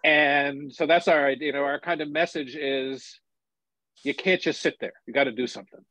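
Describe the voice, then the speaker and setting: A man in his sixties, a journalist and author, telling stories and reflecting in a relaxed interview conversation. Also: on the high side, moderate pace, dry recording. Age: 60s. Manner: storytelling, animated, relaxed and reflective. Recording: dull lo-fi sound, dry.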